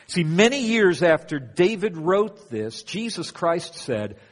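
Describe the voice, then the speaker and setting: A man preaching a sermon as pastor to his church, moving from quiet reflection to loud, emphatic passages. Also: high-pitched, big pitch swings, slow pace. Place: church hall. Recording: long hall reverb.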